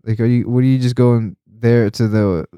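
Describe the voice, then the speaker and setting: A man's voice: mid-range voice, fairly even intonation, moderate pace, warm tone, clean tone, no room sound, clean studio sound. A man hosting a casual podcast chat, rambling and swearing a lot, laughing often and getting worked up when he complains. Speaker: podcast host.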